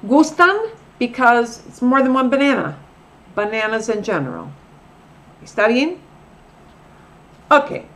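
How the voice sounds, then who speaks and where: Slow, patient woman teaching a lesson. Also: a little high, lively intonation, a bit bright. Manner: patient, repeats example phrases slowly. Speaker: Spanish teacher. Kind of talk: recorded grammar lesson.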